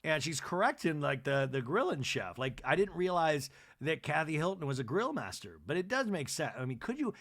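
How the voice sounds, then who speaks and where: A male podcast host recapping a show in a chatty, rambling way, often breaking off mid-sentence. His voice sits a bit high and moves about a great deal. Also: very animated, fairly quick, hardly any pauses, a bit bright. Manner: chatty, rambling, self-interrupting. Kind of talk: comic episode recap.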